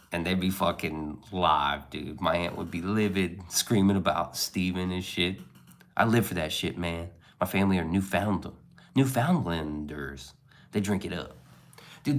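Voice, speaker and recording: A man streaming casual chat, rambling and swearing as he reads and answers his chat. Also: sits low. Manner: rambling, profane, laid-back. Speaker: live streamer reading chat.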